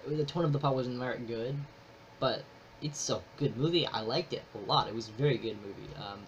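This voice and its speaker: A man's voice: mid-range voice, brisk. A man casually reviewing a movie, rambling with many fillers and restarts, enthusiastic. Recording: slightly dull with faint noise.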